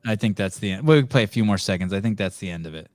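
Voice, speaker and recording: A man's voice: fairly low pitch, expressive, fast talker, dry recording, studio quality. A man hosting a podcast, chatting casually in a blunt, profane, teasing way. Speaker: podcast host. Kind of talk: casual chat.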